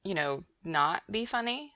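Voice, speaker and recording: Giggly woman podcast host, bright and dry. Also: fairly low pitch, measured pace, dry recording. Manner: giggly, animated, quotes lines in silly voices. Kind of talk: casual chat.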